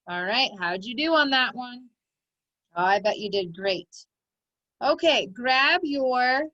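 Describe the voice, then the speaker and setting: A woman's voice: fairly high pitch, bright, forceful tone, no room sound, poor audio. A woman teaching a recorded phonics lesson to children, giving encouraging step-by-step instructions.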